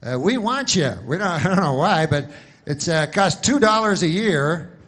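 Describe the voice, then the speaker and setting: A man voicing a pushy, upbeat insurance pitchman selling policies to old people, in loud, overeager sales patter. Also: expressive, normal speed. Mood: eager selling.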